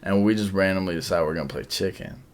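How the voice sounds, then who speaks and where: A man's voice: sits low, quick pace. A young man co-hosting a casual talk show, rambling through a story in slang and laughing between words. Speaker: podcast co-host. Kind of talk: casual chat.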